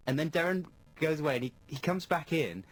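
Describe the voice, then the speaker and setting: A man co-hosting a radio show, telling stories in a lively, animated way and acting out what people said. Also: a little high, brisk. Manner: animated storyteller, acts out quotes. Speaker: radio co-host. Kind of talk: casual radio chat. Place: radio studio. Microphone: studio microphone.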